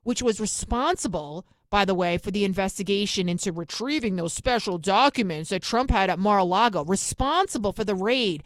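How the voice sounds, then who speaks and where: A woman's voice: medium pitch, expressive, dry recording. A middle-aged woman with a New York accent, delivering a fiery, sarcastic political monologue as host. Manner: fiery, sarcastic, rapid-fire.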